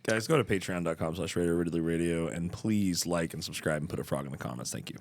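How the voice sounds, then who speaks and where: A man's voice: low-pitched, quick pace, gravelly. A man co-hosting a comedy podcast, laughing and adding punchlines in casual banter. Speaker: podcast co-host.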